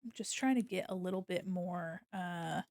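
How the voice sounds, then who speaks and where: A woman chats her way through a drawing livestream, laughing easily and explaining her steps as she goes. Her voice carries a light gravelly fry. She sits close to a desk microphone in a dry home room. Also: on the low side, moderate pace, darkish tone, no echo. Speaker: art streamer. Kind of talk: casual livestream chat while drawing.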